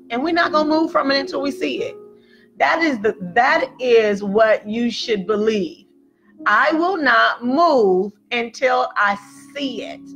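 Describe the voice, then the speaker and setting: A woman's voice: medium pitch, creaky, a bit bright, dull audio. A woman leading a live-streamed devotional teaching and a prayer declaration. She chats with her viewers and repeats phrases for emphasis. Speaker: ministry founder leading a daily confession. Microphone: phone live stream.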